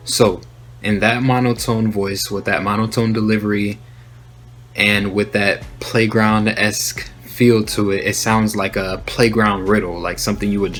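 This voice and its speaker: A young man hosting a rap-writing tutorial, explaining in a relaxed, conversational way and rapping short examples aloud. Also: lowish voice, unhurried, faint music behind. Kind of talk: casual instructional talk.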